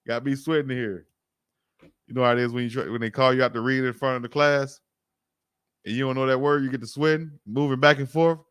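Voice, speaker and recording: A relaxed man from Alabama talks sports like he's hanging out with friends, joking and circling back on his words. His voice sits in an ordinary middle register. The sound is dry and close, with no room around it. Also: medium pitch, fairly quick, clean tone, no room sound. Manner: laid-back, joking, chuckles often, repeats himself. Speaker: sports talk host. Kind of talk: casual livestream chat reading comments.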